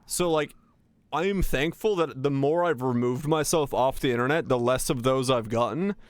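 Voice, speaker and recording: A man's voice: mid-range voice, normal speed, no echo. A streamer from Finland with an American accent carrying slight Southern touches, rambling casually as he answers chat.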